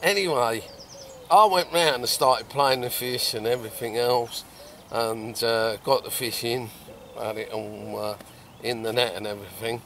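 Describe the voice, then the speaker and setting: Man, middle-aged, animated storyteller, lakeside outdoors, faint background noise. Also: medium pitch, measured pace. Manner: lively storyteller, bursts into loud chants. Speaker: carp angler guest. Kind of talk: animated anecdote telling.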